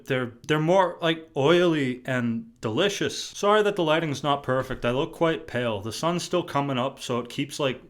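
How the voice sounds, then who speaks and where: A man's voice: medium pitch, fairly bright tone. Chatty young man vlogging, swears casually. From New England. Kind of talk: casual talk to camera.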